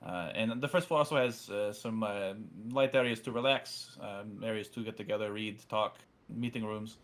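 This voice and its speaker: A man voicing a courteous young male naval officer who speaks formally and haltingly, with a put-on accent. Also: high-pitched, fairly even intonation, a bit bright, voice pushed up.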